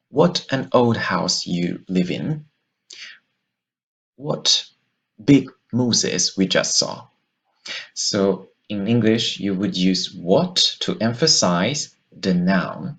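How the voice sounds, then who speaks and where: A man's voice: sits low, fairly bright tone. A man teaching a language lesson, explaining step by step and repeating each example sentence twice.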